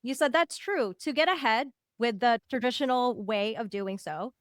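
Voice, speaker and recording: A woman's voice: on the high side, normal speed, no echo, studio quality. A woman hosting a podcast who reflects back what her guest said and asks follow-up questions. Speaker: podcast host. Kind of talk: casual interview talk.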